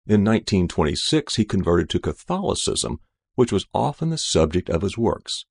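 A man narrates a short story at an unhurried, measured pace. His voice sits very low. The recording is dry, with no room sound. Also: sing-song, creaky, a little mellow, breathy edge, no echo. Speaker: story reader.

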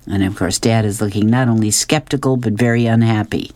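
A woman's voice: extremely low pitch, steady tone, fairly quick, few pauses, dark tone, no room sound. A woman reading newspaper comic strips aloud, describing each panel with chatty, amused asides.

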